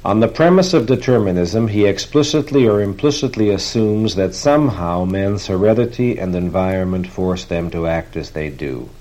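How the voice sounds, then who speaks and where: A man delivering a formal literary lecture in a measured, deliberate manner, reading quotations aloud. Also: sits low, lively intonation, mellow. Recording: dull lo-fi recording.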